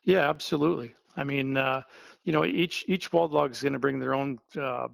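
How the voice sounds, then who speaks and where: A middle-aged man from Wisconsin answering interview questions in a loose, rambling way, full of fillers and restarts. His voice is heavily gravelly with constant vocal fry. The sound is dry and close, with no room around it. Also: medium pitch, normal speed, no room sound. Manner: relaxed, rambling with many fillers. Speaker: interview guest, sign painter. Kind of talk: casual phone-style interview.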